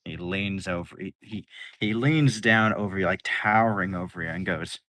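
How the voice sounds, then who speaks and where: A man narrating as game master in a tabletop role-playing game, casual and relaxed. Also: deep voice, moderate pace, no room sound.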